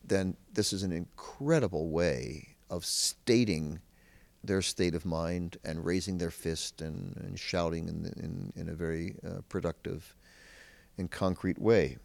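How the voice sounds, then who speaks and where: Low gravelly man telling a story. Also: fairly even intonation, unhurried, no echo. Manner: acts out quoted voices, chuckles, shifts loudness for effect. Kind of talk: animated storytelling talk.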